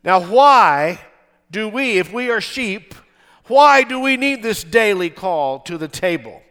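A man's voice: sits high, lively intonation, takes it slowly, bright, forceful tone, clear, resonant tone. An older man preaching a sermon to his congregation, with emphatic delivery, often asking them to respond. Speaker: pastor. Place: church with balcony.

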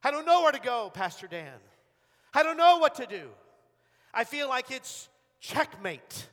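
A man's voice: extremely high pitch, sing-song, measured pace, a bit bright, long reverb tail, voice pushed up, heavily acted. A man preacher voicing a worried churchgoer who pleads with him in an anxious tone.

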